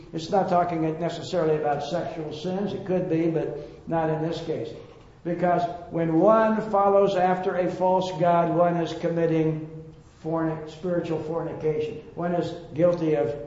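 Man, preacher, emphatic sermon, stammered restarts, mellow voice, echoey dull recording. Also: fairly high pitch. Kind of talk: sermon Bible teaching. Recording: roomy, dull lo-fi sound.

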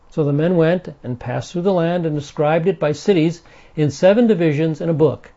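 A man's voice: fairly high pitch, moderate pace, mellow. A man teaching the Bible verse by verse, explaining carefully, repeating key points and checking in with "okay". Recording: dull lo-fi recording.

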